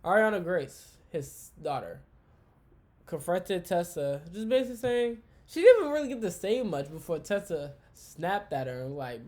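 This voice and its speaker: A man hosting a casual wrestling recap for a live chat, with slangy, profane, excitable banter. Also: high voice, moderate pace.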